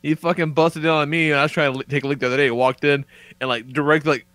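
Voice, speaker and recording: A man in his thirties, co-hosting a podcast in casual chat, telling stories in a profane, animated way. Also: fairly high pitch, racing, dry recording. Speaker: podcast co-host.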